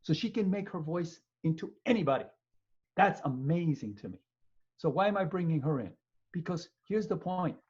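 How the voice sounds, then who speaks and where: A man in his fifties with a New York accent, a law professor giving a webinar lecture in an animated, joking way and acting out quoted voices. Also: a little high, moderate pace, breathy edge. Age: 50s. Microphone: computer mic on video call. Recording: muffled lo-fi webinar audio.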